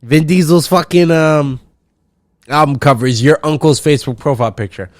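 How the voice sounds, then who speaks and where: A young man hosting a solo comedy podcast, rambling and swearing in a loose, animated way. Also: a little high, moderate pace, no room sound, studio quality. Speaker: podcast host.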